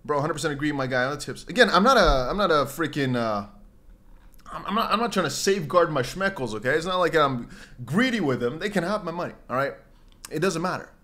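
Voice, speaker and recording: A man's voice: fairly high pitch, a little fast. A young man hosting a livestream, chatting casually and rambling as he reads out viewer comments, often dropping into mock voices. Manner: animated, rambling, jumps into mock voices and exclamations. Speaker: crypto livestream host.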